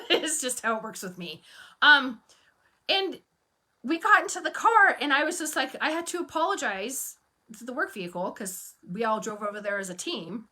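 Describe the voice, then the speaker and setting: A woman's voice: high voice, moderate pace. A woman coaching on running a cleaning business, telling stories frankly and firmly, acting out bits of dialogue. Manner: animated storytelling, acting out dialogue; firm and frank. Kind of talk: casual talk to camera.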